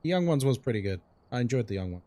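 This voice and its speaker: Lively, chatty male game streamer. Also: mid-range voice, very fast, no echo. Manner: chatty, reads chat aloud and reacts to the game. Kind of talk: casual live-stream chat while gaming.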